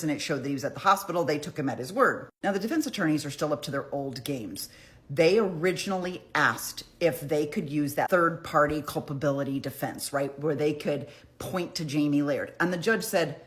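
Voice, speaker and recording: A woman with a low voice talks through a trial recap in a chatty, conversational way. She sprinkles in casual asides and leans into retold quotes with emphasis. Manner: dramatizes quotes with emphatic retellings. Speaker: true crime commentator.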